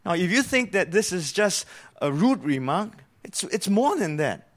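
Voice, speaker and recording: A man's voice: sits high, big pitch swings, measured pace. A man preaching an earnest sermon, explaining a passage and asking his listeners questions.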